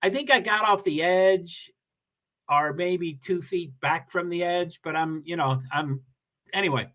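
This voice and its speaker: Man, livestream host, bright tone, a bit high, rambling chat, self-deprecating. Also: a little slow. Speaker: livestream host reading viewer comments.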